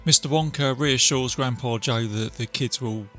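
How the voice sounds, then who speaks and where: A man's voice: mid-range voice, normal speed, fairly bright tone, soft background music. A man hosting a podcast, casually retelling a film plot in a rambling way with fillers and restarts. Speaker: podcast host.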